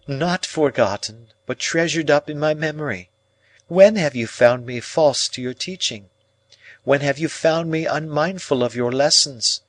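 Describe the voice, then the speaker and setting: A proud young woman, as a male audiobook narrator plays her answers in a calm, cutting voice, lifted somewhat above his own. She speaks slowly and evenly reasoned. The storybook reading sounds close and dry. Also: a little high, no room sound, voice pushed up. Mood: cold. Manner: measured, coolly reasoning.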